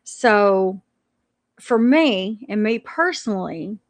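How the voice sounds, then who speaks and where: A woman's voice: mid-range voice, lively intonation, takes it slowly, dry recording. A woman ranting on a live stream, indignant and stumbling over her words as she restarts sentences.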